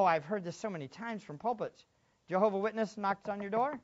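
Male pastor, sermon delivery, swings between hushed asides and loud emphasis, slightly dull recording. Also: high voice, lively intonation, normal speed.

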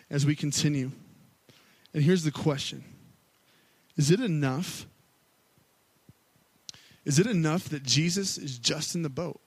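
A man with a fairly high voice preaches in an easygoing, storytelling manner, sprinkling his sermon with casual asides and filler words. The sound is dry and close, with no room echo. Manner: casual and storytelling, with many fillers, acting out quotes. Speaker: worship pastor. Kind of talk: conversational sermon.

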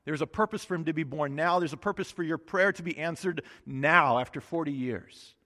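A man with a high voice preaches in a relaxed, conversational way, joking and restarting his phrases as he explains scripture. His voice rings with a long reverb, as if he is in a church hall. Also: fairly quick. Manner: casual, chatty preaching with restarts and humor. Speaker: pastor. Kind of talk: sermon with Bible reading.

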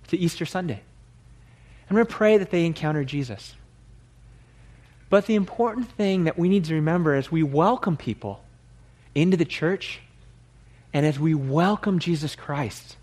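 Earnest, fairly high-voiced male pastor. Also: darkish tone, slightly rough. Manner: conversational, earnest preaching. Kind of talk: sermon.

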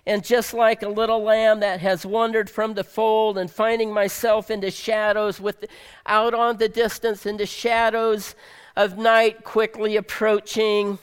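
A male pastor delivering a sermon, swinging dramatically between loud emphasis and soft near-whispers. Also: high voice, level tone, unhurried, clear, resonant tone, big-room sound.

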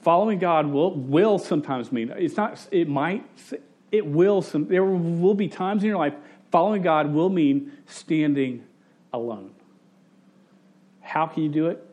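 A male pastor preaching in a loose, conversational storytelling manner. He jokes, restarts his sentences and briefly mimics the people he quotes. His voice sits slightly high for a man. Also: measured pace, darkish tone, highs cut off. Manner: jokey and self-interrupting. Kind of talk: sermon.

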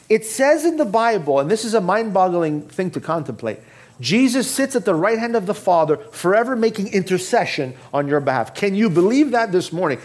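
High-voiced pastor guy preaching, earnest, drops way down soft to make a point. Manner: earnest preaching, dropping low and quiet for emphasis; addresses the congregation directly with questions. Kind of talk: sermon.

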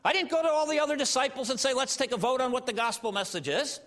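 A man's voice: very high-pitched, very animated, normal speed, bright, forceful tone, pitched above the performer's own voice, exaggerated voice. A man voicing an indignant apostle. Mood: defensive. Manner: emphatic, raised, exasperated declaiming. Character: urgent indignant male apostle writing a letter. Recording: long hall reverb.

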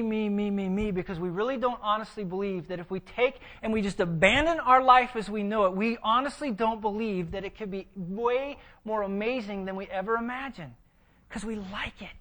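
A man's voice: high voice, bright, forceful tone. A man preaching a sermon, emphatic and full of vivid storytelling. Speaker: pastor.

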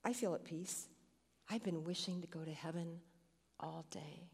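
A woman voicing a dying elderly father who speaks quietly and peacefully, read aloud in a hall with long reverb. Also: fairly low pitch, measured pace, slightly rough.

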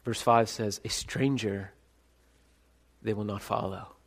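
A pastor preaching a sermon, swinging between hushed reflection and loud, ringing calls. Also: male voice, lowish voice, fairly even intonation, slow pace. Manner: dramatic shifts between soft and loud, calling out names.

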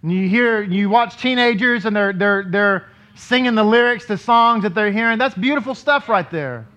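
A man's voice: high voice, normal speed, sharp tone. A man leading his congregation as rabbi, giving a sermon in a conversational way and asking them questions, heard in a synagogue sanctuary. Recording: dull lo-fi recording.

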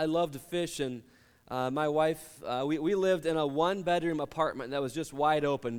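A man's voice: medium pitch, clear, resonant tone, in a large hall. A middle-aged man preaching a sermon, telling personal stories with humor and acting out the voices of the people in them. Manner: storytelling with humor, acts out quoted voices. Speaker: pastor.

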